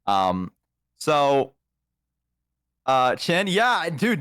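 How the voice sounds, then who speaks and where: A man's voice: mid-range voice, lively intonation, normal speed, a bit bright, clear, resonant tone, no room sound. A man chatting casually on a live stream, rambling with many ums and uhs into a close microphone. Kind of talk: casual chat.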